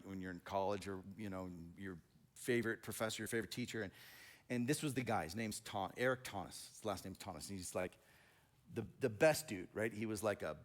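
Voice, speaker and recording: A male pastor giving a conversational sermon and telling personal stories, with frequent restarts and fillers, who gets loud and animated at emotional moments. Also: fairly low pitch.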